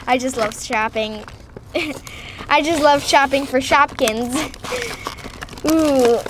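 A woman's voice: high voice, noisy background. A woman playing with dolls and unboxing toys, giggly and gushing, switching between doll voices. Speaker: doll-play video host.

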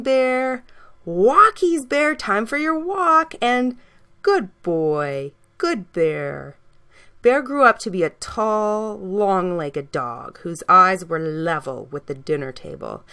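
A woman reading a bedtime story aloud in a gentle, soft-spoken way. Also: fairly low pitch.

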